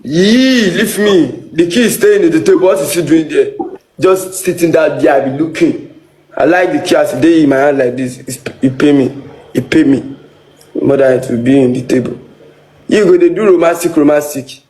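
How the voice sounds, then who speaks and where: A man with a Nigerian Pidgin accent, bickering and teasing in a comedy skit, often shouting. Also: fairly high pitch, normal speed.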